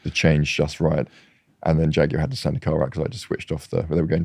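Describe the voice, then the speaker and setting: A man's voice: a bass voice, fast, vocal fry, breathy edge, dry recording, clean studio sound. A man guest chatting casually, telling anecdotes with many restarts. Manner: animated storyteller, trailing restarts. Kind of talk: casual chat.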